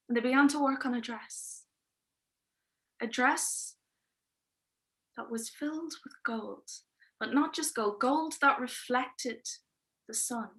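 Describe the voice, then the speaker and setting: A woman telling a fairy tale on a livestream, lively and informal, with wry asides. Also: a little high. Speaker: storyteller. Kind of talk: oral storytelling performance on a livestream.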